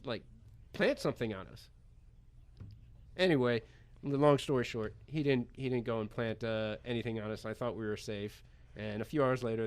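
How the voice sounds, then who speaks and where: An American man, a poker pro guest on a radio show, telling a story in an animated, chatty way and laughing as he goes. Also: mid-range voice. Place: radio studio.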